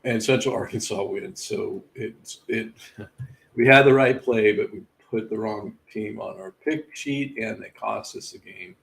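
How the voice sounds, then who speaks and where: A man's voice: on the low side, a little slow, creaky, fairly bright tone, poor audio. A man hosting a live sports betting show, casually running through game results with wry asides and laughing at his own missed picks.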